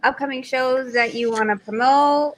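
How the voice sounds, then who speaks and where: A woman's voice: high-pitched, fairly even intonation, normal speed, a little hiss or hum. Brief: female co-host, brief questions and quips, casual. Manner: short prompting questions and quips. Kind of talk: casual chat.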